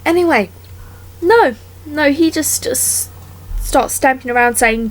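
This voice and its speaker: Young woman, sarcastic sweary storyteller, higher pitch, slow deliberate pace. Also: sing-song. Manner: exasperated, sweary, mocking. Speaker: vlogger.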